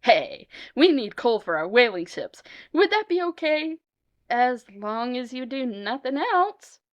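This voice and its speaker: A woman's voice: on the high side, sing-song, unhurried, dull audio. A woman voicing a pushy male American whaling captain with a brash, breezy manner.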